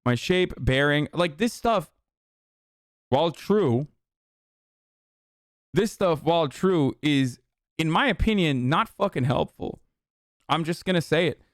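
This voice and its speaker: A man's voice: a little high, expressive, normal speed, a bit bright, no echo, studio quality. A man streaming live, reading text aloud and reacting with blunt, profane, exasperated rants.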